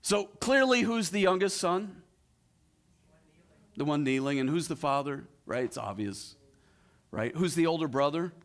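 Higher-voiced male preacher telling a story. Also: lively intonation. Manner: rhetorical questions, dramatic pauses, storytelling. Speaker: pastor. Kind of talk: sermon.

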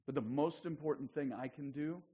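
Pastor, man, high-ish voice, loud then quiet, dull church tape. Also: fairly quick, breathy edge. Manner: conversational preaching with big swings between loud and hushed. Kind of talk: sermon.

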